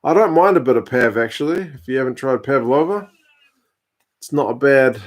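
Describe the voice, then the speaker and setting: Brief: New man in his thirties, laid-back live-stream host, mid-pitched voice, chatty, replies to viewer comments. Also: normal speed. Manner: relaxed, chatty, reads and answers viewer comments. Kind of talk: casual live-stream chat over a rugby match.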